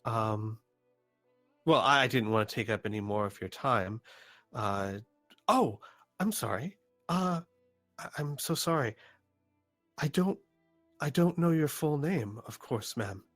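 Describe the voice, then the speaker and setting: A man's voice: mid-range voice, animated, a bit bright, faint music behind. A man playing a fumbling, apologetic journalist. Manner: halting, over-apologetic.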